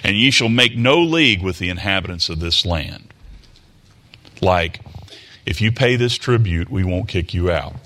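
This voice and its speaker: A man preaches a sermon, alternating between reading scripture and explaining it plainly. His folksy, conversational style includes rhetorical tag questions to check in with listeners. His voice is low-pitched, animated and sharp, at normal speed.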